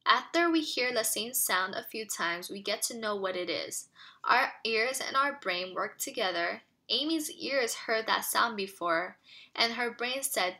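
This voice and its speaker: Give me a woman teacher with a bright, slightly high voice, patiently explaining words in a children's read-aloud lesson. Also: expressive, unhurried.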